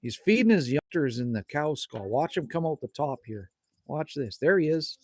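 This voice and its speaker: A laid-back man chats with viewers on a livestream from outside his cabin in the evening. His voice is husky, and his pitch swings a lot as he talks. The sound is dry and close, with little room echo. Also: lively intonation, moderate pace. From Manitoba, Canada. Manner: laid-back and chatty, teases himself, swears lightly, says "man" often. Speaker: livestream host. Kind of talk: casual livestream chat reading viewer comments.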